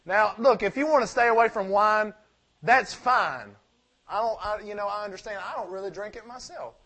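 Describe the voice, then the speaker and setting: A man preaching a sermon, swinging from loud emphatic points to quiet asides and asking rhetorical questions he answers himself. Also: high-pitched, moderate pace.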